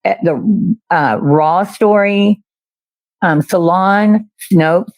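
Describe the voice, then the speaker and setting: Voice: mid-range voice, very slow, a little mellow, no room sound. A guest in casual chat who tells rambling stories.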